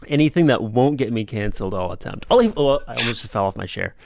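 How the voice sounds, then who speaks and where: A man's voice: medium pitch, creaky, a bit bright. A young man hosting a casual livestream podcast, rambling and laughing often. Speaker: podcast host.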